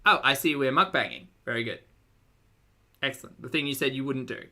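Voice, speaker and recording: A woman's voice: a bass voice, fairly quick, pushed and bright. A woman streaming a reaction commentary, mocking and blunt with dry sarcastic asides to her chat.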